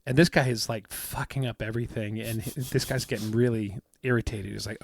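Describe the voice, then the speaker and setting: A man's voice: mid-range voice, steady tone, quick pace, gravelly, few pauses, no echo. Rambling man telling a story, dry close mic. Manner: rambling storyteller, many fillers, acts out quotes. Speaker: podcast co-host. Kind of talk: casual chat.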